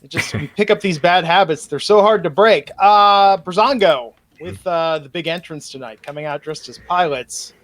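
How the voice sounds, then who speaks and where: A man with a voice pitched a little high hosts a podcast. He walks through a show recap at a quick clip, and his voice jumps up when something excites him. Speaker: podcast host.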